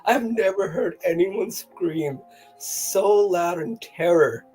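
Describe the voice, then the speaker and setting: A husky-voiced guest tells a story in lively casual chat, full of fillers and bursts of laughter. Soft music plays faintly underneath the talk. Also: medium pitch, slow.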